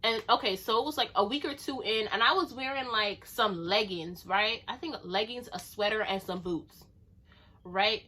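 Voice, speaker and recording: A young woman telling a story to camera in a chatty, animated way, full of "like". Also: medium pitch, normal speed. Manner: chatty and animated, leaning on filler "like". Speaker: storytime vlogger.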